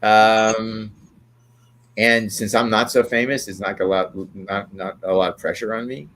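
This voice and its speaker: Older man, low voice, loose anecdotal guest who keeps asking "right?". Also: steady tone, unhurried, a bit bright, slight background noise. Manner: rambling, tags remarks with "right?". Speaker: interview guest. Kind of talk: anecdotal storytelling.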